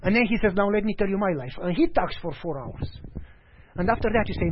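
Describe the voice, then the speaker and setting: Male preacher, lively storytelling delivery with voiced dialogue; high, animated pitch. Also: quick pace, slight background noise. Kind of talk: sermon. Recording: dull lo-fi audio.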